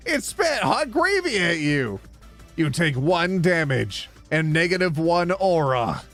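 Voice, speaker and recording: A young man streaming a dating sim, reading the game's text aloud with playful commentary, animated and quick to yelp. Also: on the high side, soft background music. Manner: animated, jumping from flat reading to excited yelps.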